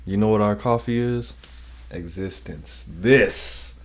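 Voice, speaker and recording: A man's voice: on the low side, takes it slowly. A man hosting a reaction video, making loose, profane, joking asides between clips. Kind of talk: casual reaction commentary.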